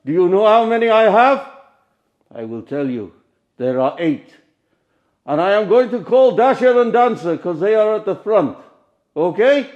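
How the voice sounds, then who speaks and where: A man playing a jolly, grand old Father Christmas, speaking slowly and theatrically. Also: lively intonation, highs cut off. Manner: slow, booming, theatrical.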